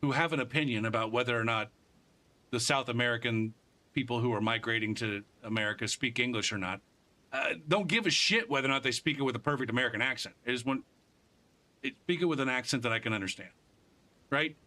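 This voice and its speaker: A man's voice: mid-range voice, quick pace, bright, forceful tone. A man streaming a game live, chatting casually in a rambling, profane way with many restarts.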